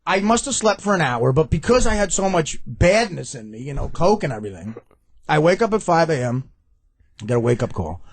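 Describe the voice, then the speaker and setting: A man's voice: a little high, big pitch swings, brisk, slightly rough. A man guest telling a story on a radio show, laughing and stammering through restarts. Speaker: guest comedian.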